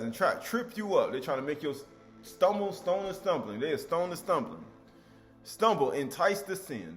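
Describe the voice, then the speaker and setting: Man preaching, emphatic and conversational, slightly high voice, soft music underneath. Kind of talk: scripture teaching.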